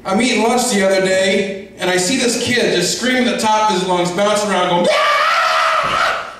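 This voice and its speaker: A man's voice: sits high, fairly quick, heavy background noise. A man doing a stand-up comedy set on a club stage, ranting grumpily and crudely. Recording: echoey club from far off.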